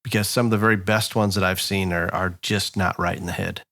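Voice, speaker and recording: A low male voice with a gravelly edge and a bright, forceful tone, talking in a relaxed chat. He mostly laughs along and chimes in, then thinks aloud when he takes the floor. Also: brisk. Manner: laughs along, reacts briefly, then muses at length. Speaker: podcast co-host. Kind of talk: casual chat.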